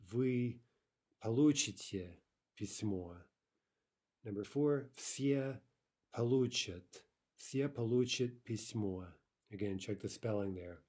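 A man's voice: on the low side, dark tone. A man teaching a recorded online language lesson, explaining step by step and often checking in with "right?".

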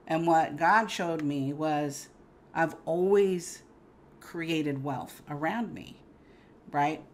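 Low-voiced, frank woman. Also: drawn-out words, a little hiss or hum. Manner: emphatic, frank, swears casually, laughs often. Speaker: interview guest. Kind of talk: candid conversational storytelling.

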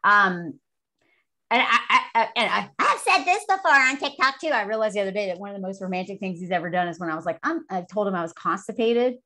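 A woman's voice: mid-range voice, animated, fast, pushed and bright. A woman in her forties, a guest speaking frankly and casually, swearing freely and laughing easily. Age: 40s. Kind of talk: candid casual chat.

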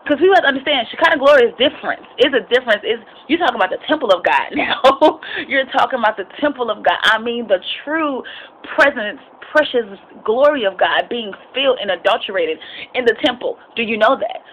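A young woman with a fairly high voice gives an informal sermon mixed with personal testimony. Her delivery is expressive and impassioned, rambling and restarting, punctuated with amens. Faint noise sits in the background. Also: fairly quick, dull audio. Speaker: Christian vlogger sharing a devotional.

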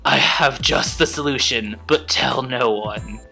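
A woman voicing a huge, gentle male groundskeeper with a lowered gruff voice. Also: unhurried, soft background music, full character voice.

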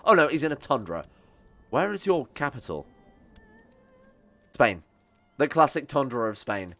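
A man's voice: mid-range voice, very animated, a little slow, pushed and bright, soft background music. A young man giving casual, chatty gameplay commentary, sarcastic and swearing as he talks back to the game's characters. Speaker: gaming YouTuber.

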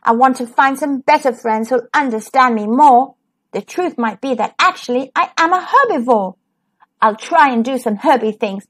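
A woman voicing a young male T. rex who loves vegetables, bright and eager in a storybook reading. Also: high voice, moderate pace. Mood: hurt.

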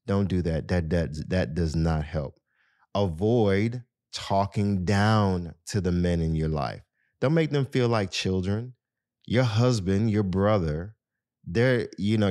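A man's voice: low voice, a little mellow, dry recording, studio quality. A man hosting a podcast, talking casually and earnestly to his listeners with lots of "you know". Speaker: podcast host. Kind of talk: casual advice talk to listeners.

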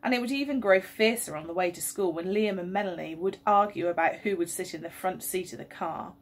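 A woman, a teacher reading a story aloud and leading school worship in a gentle, expressive way. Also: lowish voice, fairly quick, slight background noise. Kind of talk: storybook reading and assembly talk.

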